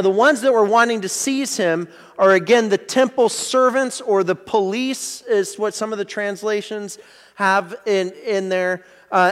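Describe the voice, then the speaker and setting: A man's voice: high voice, big-room sound. A man preaching a sermon as a pastor, explaining a passage in a conversational teaching manner with frequent restarts.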